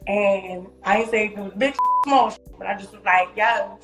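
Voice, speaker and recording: A woman talks on a live stream, loud and profane as she tells her story with animation. The room echoes around her voice, and music plays clearly beneath it. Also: medium pitch, fairly even intonation, fairly quick. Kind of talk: casual chat on a social media live stream.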